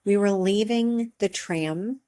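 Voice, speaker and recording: A middle-aged woman life coach giving a reflective motivational talk, speaking gently and encouragingly with long pauses. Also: medium pitch.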